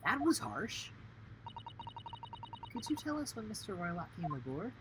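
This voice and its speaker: An earnest young male student, as a man reads him, asking questions in a tentative, curious way with lively pitch. Steady noise runs behind the stream audio. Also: measured pace. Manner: inquisitive and tentative.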